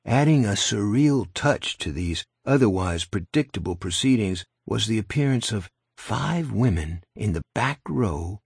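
A man's voice: on the low side, gravelly, husky, no room sound. A man narrating an audiobook in a dry, wry storytelling manner, close to the mic. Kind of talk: scripted narration.

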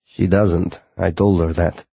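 A man's voice: sits low, little pitch movement, unhurried, creaky, dark tone, breathy edge, no room sound, exaggerated voice. A man voicing a weary, drunken male alien doctor who speaks hesitantly and defensively.

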